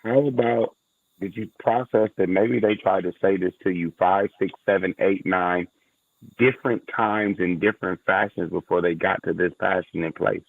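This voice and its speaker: A man's voice: low-pitched, steady tone, normal speed, gravelly. Blunt man on a tinny phone line. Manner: emphatic, blunt, building to a punchline. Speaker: podcast co-host. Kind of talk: casual relationship podcast discussion.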